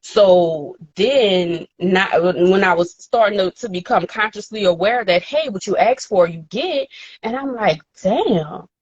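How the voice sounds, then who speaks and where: Woman, podcast co-host, candid storytelling, slangy and profane, animated quoting, dry dull audio. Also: a little slow, no echo. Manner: animated, acts out quotes in a higher voice; casual slang, swears freely.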